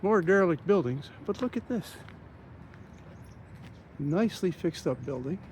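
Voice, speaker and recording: Sex: man. Pitch: high. Style: casual walking vlog, rambling. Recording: noisy outdoors. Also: animated, a little mellow. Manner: rambling, frequent fillers and restarts. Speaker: travel vlogger. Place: outdoors, walking through a small coastal town. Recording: outdoor noise with rushing water.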